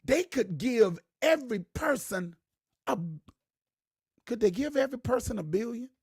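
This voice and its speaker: A host with a high, husky voice speaks directly to his viewers in a casual live stream, animated and preachy at a moderate pace. He repeats key words and raises his voice to drive points home, and the sound is dry and close with no echo.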